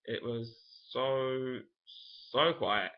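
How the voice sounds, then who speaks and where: A man's voice: mid-range voice, very slow. A young man, telling a personal story to camera in a frank, emotional, rambling way. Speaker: vlogger. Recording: dull lo-fi camera audio.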